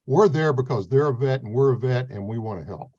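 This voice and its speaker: A man's voice: medium pitch, fairly quick, warm tone. A man coordinating veteran mentors, earnestly explaining their role in an interview with plain talk and fillers. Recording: slightly dull, lo-fi sound.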